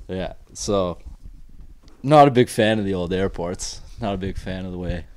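Laid-back young man with a deep voice. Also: moderate pace, darkish tone. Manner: laid-back storytelling, laughs often. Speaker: podcast co-host, pro soccer player. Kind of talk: casual podcast chat.

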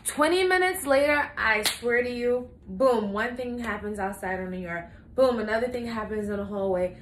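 A woman's voice: a little high, fairly quick, few pauses. Candid young woman vlogging in an echoey room. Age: young adult. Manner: candid, blunt and swearing; animated storytelling, acting out her own quotes. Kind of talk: casual confessional vlog. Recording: echoey room with faint ambient noise.

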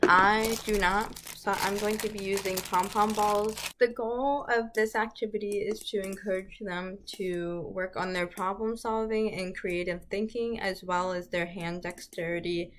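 A woman talks to little children in an unhurried, patient way, stretching her words as she teaches. Her voice is bright and crisp, and a faint hiss sits under the recording. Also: mid-range voice, fairly even intonation. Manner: slow, bright voice, sing-song animal noises for little ones. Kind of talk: children's lesson video.

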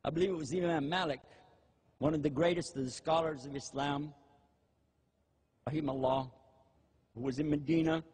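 An older man giving a religious lecture, animated and humorous, often mimicking eager people in a raised voice. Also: fairly high pitch, moderate pace, long pauses, a little hiss or hum. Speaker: Muslim preacher. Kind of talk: lecture with acted-out asides.

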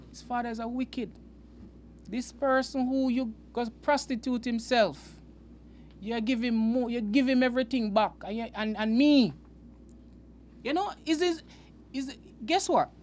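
A man hosting a Bible teaching show, explaining scripture in an earnest, emphatic way that often halts and repeats words. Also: very high voice. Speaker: preacher and host.

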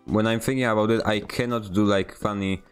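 A man's voice: on the low side, steady tone, brisk, smooth, soft background music. A man from Poland with a Polish accent, streaming a game and chatting with viewers in a rambling, self-deprecating way. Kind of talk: casual gameplay stream commentary.

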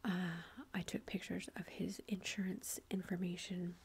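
Breathy whispering woman, rambling ASMR chat. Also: lowish voice, level tone, a little slow. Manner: rambling storytelling with many fillers. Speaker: ASMR creator.

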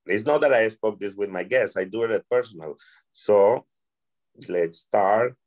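Earnest Colombian man, low voice. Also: a little slow. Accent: Colombian Spanish. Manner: earnest, animated, acts out guest exchanges. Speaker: restaurant server. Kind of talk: interview answers.

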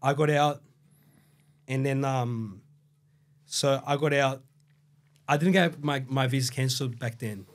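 A man's voice: medium pitch, unhurried, pauses often. A man from Brazil who grew up in Australia, with an Australian accent, telling his story as a podcast guest in a loose, rambling way with lots of swearing and fillers. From Brazil, raised in Australia. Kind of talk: casual storytelling interview.

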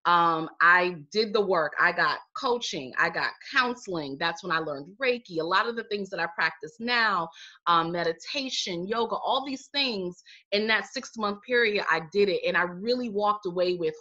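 A woman's voice: lowish voice, expressive, normal speed, bright, forceful tone. A middle-aged woman, a life coach, telling her own story in a casual interview and acting out what people said. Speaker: guest, life coach and healer. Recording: muffled lo-fi audio.

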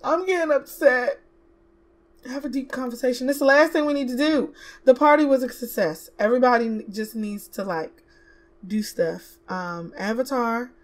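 A woman's voice: fairly high pitch, normal speed. Chatty woman narrating a life-sim game. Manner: chatty, talks to the game characters, slips into Southern US slang. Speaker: gaming YouTuber. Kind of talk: casual let's-play commentary.

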